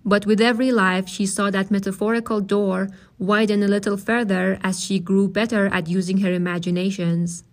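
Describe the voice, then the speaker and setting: A woman reading a novel aloud as narrator, in a measured, steady way. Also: mid-range voice. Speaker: audiobook reader.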